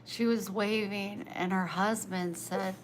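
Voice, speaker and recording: A woman's voice: medium pitch, fairly even intonation, slow pace, slight background noise, poor audio. A woman livestreaming, chatting with her viewers in a tender, emotional, rambling way. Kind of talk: casual live chat.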